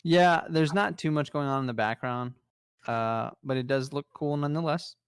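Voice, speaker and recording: A man's voice: fairly high pitch, normal speed, smooth, dry recording, clean studio sound. A young man co-hosting a casual podcast, enthusiastically running through a list of trading cards. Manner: enthusiastic, rattles off card lists. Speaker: podcast co-host presenting trading card news.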